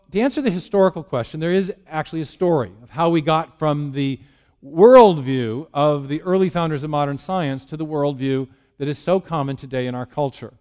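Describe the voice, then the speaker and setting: Slightly high-voiced man giving a lecture. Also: a little mellow, clear, resonant tone. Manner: conversational, with frequent ums and uhs, addressing the audience directly. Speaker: guest speaker. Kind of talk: public lecture to a live audience. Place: church.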